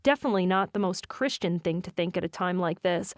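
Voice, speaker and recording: A woman's voice: fairly low pitch, a little fast, no room sound, studio quality. A woman narrating a romance novel in first person, with a wry, self-mocking inner voice. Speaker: audiobook narrator.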